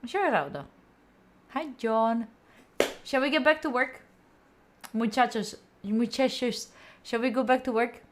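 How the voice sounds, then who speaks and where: A woman's voice: on the high side, normal speed, pauses often, a little hiss or hum. A young woman with an Italian accent, hosting a study livestream and chatting playfully with viewers between work sessions. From Italy. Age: young adult. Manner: playful, giggly, chats back to viewers. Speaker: study-stream host. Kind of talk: casual livestream chat, reading comments.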